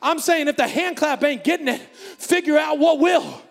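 Man, preacher, fervent shouting sermon, very high voice, gravelly edge, long hall reverb. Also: normal speed. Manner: fervent, shouting, call and response.

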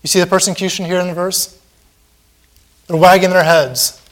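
A man's voice: sits high, steady tone, moderate pace. A man preaching a sermon in a church, impassioned and repetitive, acting out the mocking voices of a crowd.

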